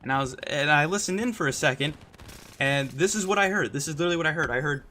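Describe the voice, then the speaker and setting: A man's voice: a little high, animated, fast, bright, forceful tone, slight background noise. A young man casually telling a personal story, rambling and swearing a lot, with frequent "like" and "right?". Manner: rambling, profane, lots of "like" and "right?".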